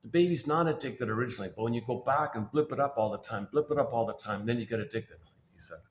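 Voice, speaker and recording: A man's voice: mid-range voice, fast talker, muffled recording, slight background noise. A man giving a rambling spoken talk on psychoanalytic ideas, repeating himself, restarting phrases and correcting himself as he thinks aloud.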